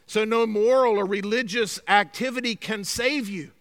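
High, bright-voiced preaching man. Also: a little slow, hardly any pauses. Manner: emphatic, swings from loud to hushed. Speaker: pastor. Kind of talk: sermon.

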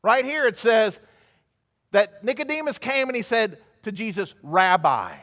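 A man preaching a sermon in an emphatic manner, swinging from loud passages to hushed ones. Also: sits high, expressive, measured pace. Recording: hall reverb.

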